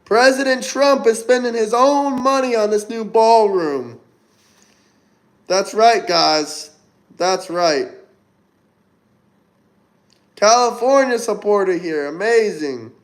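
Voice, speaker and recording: An upbeat man runs a casual livestream, reading out comments and tossing off quick shout-outs. His voice sits high for a man. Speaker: livestream host. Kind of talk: casual live-stream chat reading comments.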